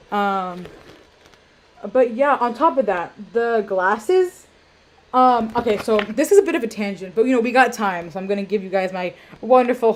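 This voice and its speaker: A young woman hosting an art auction live stream at home, chatting casually with lots of ums and self-deprecating tangents. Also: medium pitch. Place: home room. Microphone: webcam.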